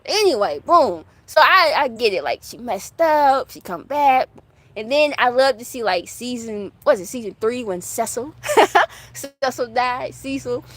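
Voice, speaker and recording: A woman's voice: on the high side, animated, measured pace, a bit bright. A woman hosting her own channel, chatting casually and rambling through asides as she answers viewer questions. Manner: fan of classic TV soaps. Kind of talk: casual chat.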